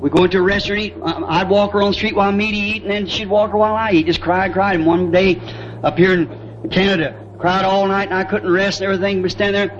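A man's voice: high voice, steady tone, fast talker. A man preaching a sermon, telling family stories in a folksy way and often asking "See?". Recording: dull lo-fi old tape with faint hiss.

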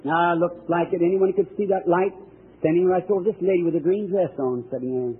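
A man's voice: high voice, a little fast, breathy edge. A male evangelist preaching at a healing service, fervent and emphatic, calling out to people in the audience. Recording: tinny old lo-fi recording with faint hiss.

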